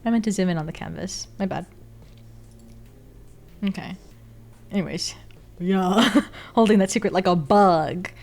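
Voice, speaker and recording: A woman's voice: mid-range voice, measured pace, creaky, long pauses, a little mellow, a little hiss or hum. A young woman streamer chatting casually while drawing, blunt and candid, swearing freely and laughing often.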